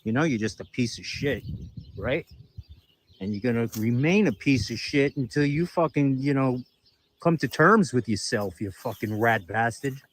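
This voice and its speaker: A man's voice: medium pitch, lively intonation, normal speed. A man talking casually outdoors by a garden grave, trading profane insults and taunts.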